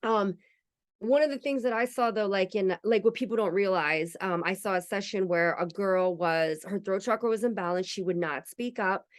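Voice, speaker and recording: A woman's voice: medium pitch, moderate pace. A woman hosting a casual spiritual podcast, chatty and candid, swearing freely. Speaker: podcast host.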